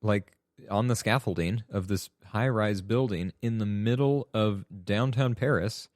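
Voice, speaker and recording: A man with a low voice co-hosts a relaxed movie chat, picking at plot holes with a wry, doubtful tone. He is recorded dry and close. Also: unhurried, dry recording. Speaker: podcast co-host. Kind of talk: casual film discussion.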